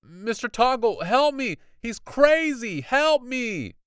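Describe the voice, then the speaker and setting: Male reader doing a scared kid in a spooky storybook, high panicked yells, clean dry read. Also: big pitch swings, takes it slowly, clear, resonant tone, no room sound, full character voice. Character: terrified young boy crying out for help.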